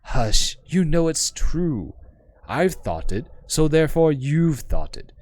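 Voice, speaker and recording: A man's voice: on the high side, big pitch swings, darkish tone. A man putting on a stately scholarly woman. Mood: measured, gracious. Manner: measured, formal, precise diction. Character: elegant formal woman scholar, serene hive mind.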